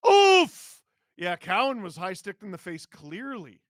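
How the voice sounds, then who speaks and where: A hoarse man calls hockey live, rattling off the play quickly and bursting into loud shouts at big moments. His voice sits fairly high but is roughened by a cold. The sound is close and dry, with no room around it. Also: dry recording. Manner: rapid play-by-play with sudden excited shouts. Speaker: host, live game watch-along.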